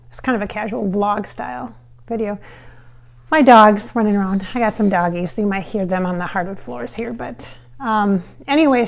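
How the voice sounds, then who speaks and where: A woman chatting casually in a vlog while she cooks at home. She rambles, with many fillers and restarts. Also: mid-range voice. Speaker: psychic medium vlogger. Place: home kitchen with hardwood floors.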